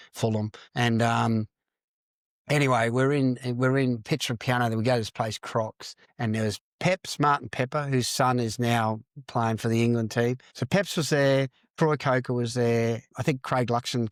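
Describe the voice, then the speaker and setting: A middle-aged man tells a winding story on a podcast, his voice pitched right in the middle. He rambles and swears freely, leaning on "mate" every few lines. The sound is dry and close with no room around it. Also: no echo. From Australia. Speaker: podcast guest, counsellor. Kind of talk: casual storytelling interview.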